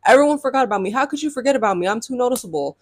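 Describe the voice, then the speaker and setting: A woman's voice: on the high side, expressive, rapid-fire, slight background noise. A young adult woman telling a casual storytime vlog, chatty and loose, filling her talk with like and often calling the audience y'all. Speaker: YouTube storyteller.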